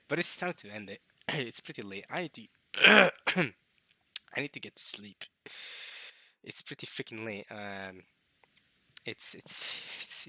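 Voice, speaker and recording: Tired young man with a bright voice. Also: mid-range voice, no echo. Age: young adult. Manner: rambling, halting, with coughs and throat-clearing. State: tired, strained voice. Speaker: let's play host. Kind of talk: casual late-night let's play commentary.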